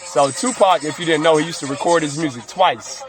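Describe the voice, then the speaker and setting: This podcast host talks fairly quickly in a fairly high-pitched voice, drifting through a loose, heavily profane monologue and laughing often. The audio comes from a phone recording with music behind him.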